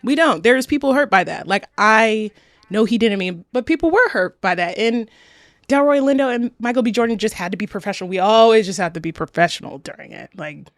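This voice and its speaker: Blunt, animated woman podcaster. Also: medium pitch, fairly quick, dry recording, studio quality. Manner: blunt, animated, swears freely. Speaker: podcast co-host. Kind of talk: casual chat.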